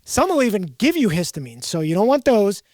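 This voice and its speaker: A woman's voice: mid-range voice, very animated, fairly quick, darkish tone, no room sound, clean studio sound. A woman with a Boston accent chatting casually, a rambling storyteller who loves puns. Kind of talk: casual chat.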